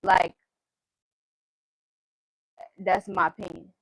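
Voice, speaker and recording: Speaking very slowly in a lowish, flat, creaky voice that's a bit bright, a woman lists tarot card meanings in a chanting cadence. Her casual reading is blunt and full of swearing. The recording is rough but has no room sound.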